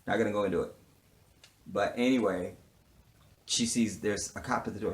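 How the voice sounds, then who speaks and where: A man with a lowish voice recapping a TV episode in a casual, sassy way. He swears freely and jumps from hushed, murmured asides to loud outbursts. He acts out the characters' lines as he goes. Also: steady tone, normal speed. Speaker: TV show reviewer. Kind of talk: casual, animated recap with quoted dialogue.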